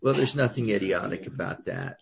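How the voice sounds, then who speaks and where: A man's voice: fairly low pitch, fairly quick, gravelly. An older man speaking encouragingly in a group video call. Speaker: fellowship group member. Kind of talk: casual group chat. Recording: muffled lo-fi video call audio.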